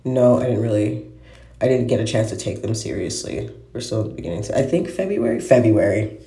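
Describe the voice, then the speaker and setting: A man's voice: fairly low pitch, sing-song, fast talker, creaky, warm tone. A man hosting a casual podcast monologue, rambling and swearing freely, often trailing off and restarting. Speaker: podcast host. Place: at home, smoking while recording. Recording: roomy echo.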